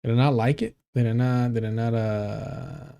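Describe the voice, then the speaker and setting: Male streamer, mellow and warm, reads news aloud with blunt casual asides. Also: medium pitch, fairly even intonation, normal speed, vocal fry. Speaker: live streamer. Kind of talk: casual live stream commentary.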